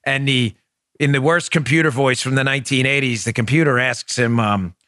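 Male host for a political talk show, sarcastic and emphatic, medium pitch, dry booth sound. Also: steady tone, a little fast, pushed and bright, no echo.

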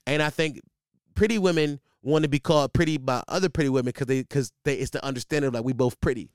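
A man's voice: mid-range voice, fast talker, clean tone, dry recording, studio quality. A man hosting a podcast, riffing casually and comically, rambling with lots of fillers and restarts. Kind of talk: casual comedic monologue.

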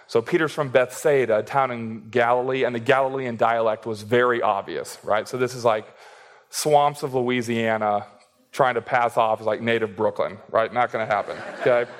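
A man's voice: mid-range voice, brisk, fairly bright tone. A young man preaching a sermon in a casual, joking way, laughing as he reads and explains scripture. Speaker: pastor.

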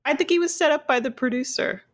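A woman's voice: sits high, quick pace, slight background noise. A woman playing a game show contestant, asking wry, skeptical questions. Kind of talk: casual game show banter.

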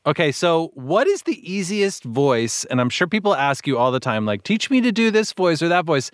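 A man hosting an interview, curious and quick to laugh, his pitch rising and falling a lot. His voice sits a little high and sounds dry and close. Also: very animated, no echo. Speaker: podcast host. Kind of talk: interview questions.

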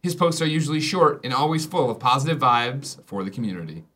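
A man hosting a casual chat show, reading a listener's shout-out in a playful announcer style. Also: medium pitch, lively intonation, quick pace. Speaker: host.

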